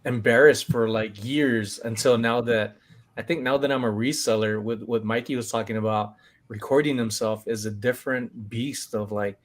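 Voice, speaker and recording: A man hosting a casual chat, telling lively stories and acting out what people said. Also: mid-range voice, moderate pace. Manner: animated storyteller, acts out voices. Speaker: podcast host.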